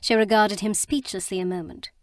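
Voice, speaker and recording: A woman narrating a romance audiobook in a calm, even storytelling manner. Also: medium pitch, a little fast, no echo, clean studio sound.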